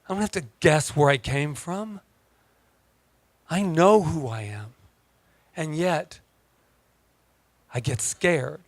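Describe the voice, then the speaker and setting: A man's voice: on the high side, expressive, takes it slowly, pauses often, no room sound. A man preaching a sermon as a minister, joking in a conversational way and then turning emphatic. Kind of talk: playful sermon. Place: church service.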